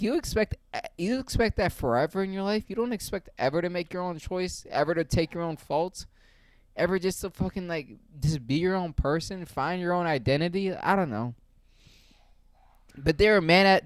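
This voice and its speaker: A man's voice: a little high, no room sound. A young man giving ranting commentary, profane and heated, firing off rhetorical questions. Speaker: online commentator.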